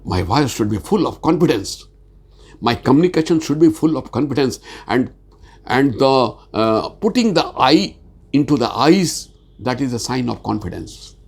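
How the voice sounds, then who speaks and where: A man lecturing on sales communication in a halting, earnest way, repeating words and pausing often with fillers. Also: medium pitch, expressive, gravelly, breathy edge. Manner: speaks slowly with many fillers. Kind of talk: informal spoken lecture.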